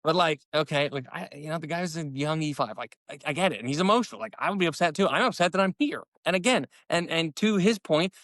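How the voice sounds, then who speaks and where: Fast-talking American man telling a story. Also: a little high, dry recording. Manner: animated storyteller, acts out quoted dialogue. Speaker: retired army captain, podcast guest. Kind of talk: casual storytelling interview.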